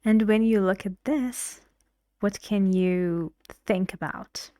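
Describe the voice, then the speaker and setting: A woman's voice: medium pitch, takes it slowly, warm tone, no echo, studio quality. A woman teaching an English pronunciation lesson, explaining stress rules patiently with examples.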